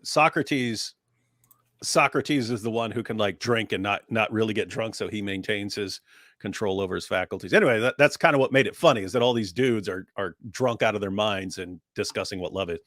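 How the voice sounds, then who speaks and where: A man's voice: fairly low pitch, fairly quick, fairly bright tone, dry recording, clean studio sound. A man co-hosting a casual livestream chat who laughs often and jokes around. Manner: laughs often, quotes clips in a raised voice. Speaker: co-host.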